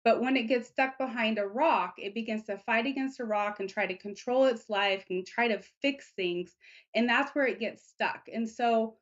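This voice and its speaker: Soft-spoken woman psychic, lo-fi sound. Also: a little high. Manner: gentle, unhurried, reassuring with soft laughs. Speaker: psychic reader. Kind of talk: live psychic reading on internet radio.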